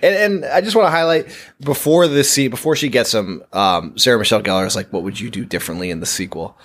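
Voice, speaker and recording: A man's voice: mid-range voice, fast talker, fairly bright tone. A man co-hosting a casual horror movie podcast, making sardonic, emphatic points and swearing freely. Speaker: podcast co-host.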